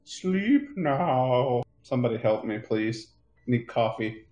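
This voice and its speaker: A man's voice: medium pitch, animated, slow pace, a little mellow, echoey room, highs cut off. A man playing a tabletop game, talking in a playful, joking way. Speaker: player.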